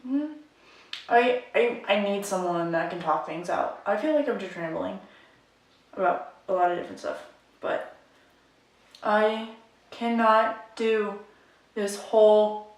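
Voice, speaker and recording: This young woman, a makeup vlogger, rambles through a frustrated, casual rant to camera and keeps saying "like." Her voice is a little high and a little slow, captured by a far-off mic in an echoey room.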